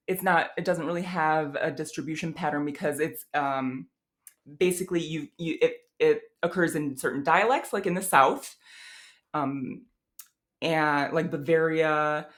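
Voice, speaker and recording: Low-voiced woman explaining casually. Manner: chatty, with many fillers and restarts; models examples in an over-careful voice. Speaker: language teacher.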